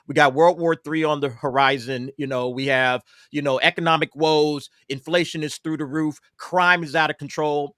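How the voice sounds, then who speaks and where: A man's voice: medium pitch, sharp tone, no room sound, studio quality. A man speaking emphatically in a casual political panel discussion, with many fillers and restarts. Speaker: panel guest.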